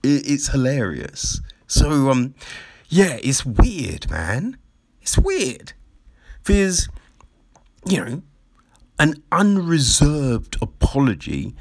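A man's voice: mid-range voice, big pitch swings, extremely slow, pauses often. A man hosting a show, talking in a rambling, casual monologue, laughing often and swearing freely. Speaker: show host.

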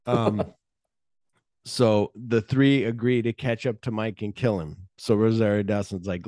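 A man's voice: fairly low pitch, measured pace, no echo, clean studio sound. A man hosting a casual movie podcast, retelling scenes with swearing and acting out the characters' lines. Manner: animated storytelling, swears freely, acts out characters' lines. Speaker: podcast host.

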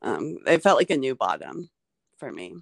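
A woman's voice: very deep voice, big pitch swings, moderate pace, creaky, no echo. A woman comedian talking in a casual podcast chat, rambling with many fillers like "like" and "um". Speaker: stand-up comedian, guest.

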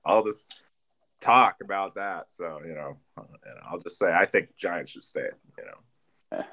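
A man with a very low voice chats casually on a sports podcast. He rambles, corrects himself midstream and throws in jokes. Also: measured pace, pushed and bright. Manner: rambling, self-correcting, jokey. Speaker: podcast co-host.

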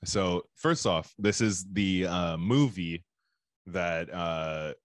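A man's voice: low voice, slow pace, no room sound, clean studio sound. A man co-hosting a casual podcast, laid-back and teasing. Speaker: podcast co-host. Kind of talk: casual chat.

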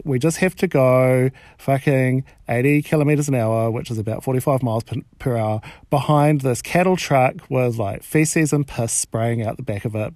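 A man with a New Zealand accent telling comic stories in a camp, animated way and swearing freely. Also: mid-range voice, dry recording, clean studio sound. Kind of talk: stand-up style comic storytelling.

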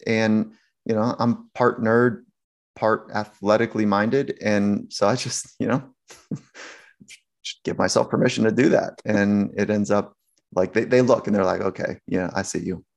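A man speaking as a sports psychologist guest, telling anecdotes in an animated way, acting out the voices he quotes and laughing often. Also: fairly low pitch, unhurried, creaky. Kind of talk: anecdotal storytelling in conversation.

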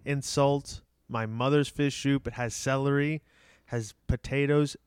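A man with a smooth, clean mid-range voice chats casually and laughs often. He pushes back playfully when teased. He is recorded dry and close, with no room sound. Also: medium pitch, fairly even intonation, measured pace, no echo. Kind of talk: casual chat.

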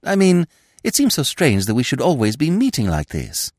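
Man voicing a young woman, teasing, eager, high lilting voice, storybook reading, dry recording. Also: wildly swooping pitch, moderate pace, a little mellow, breathy edge, no room sound.

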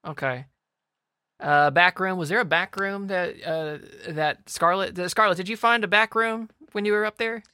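A man's voice: high-pitched, normal speed, bright, forceful tone, clear, resonant tone, no room sound. A man playing in a casual tabletop role-playing game, talking in an easygoing way. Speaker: player.

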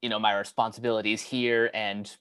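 Halting young man in casual chat. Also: lowish voice, level tone, fairly bright tone, smooth, no room sound. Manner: halting, many fillers and restarts. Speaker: podcast co-host.

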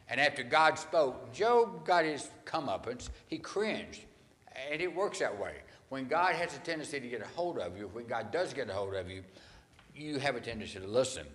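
Animated preacher in a reverberant hall. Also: male voice, mid-range voice. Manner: animated storytelling, acting out voices in quotes. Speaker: pastor. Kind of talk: sermon.

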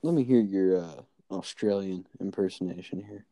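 A man's voice: low-pitched, moderate pace, gravelly, dark tone, slight background noise. A man co-hosting a casual chat, laid-back and jokey, with plenty of slang.

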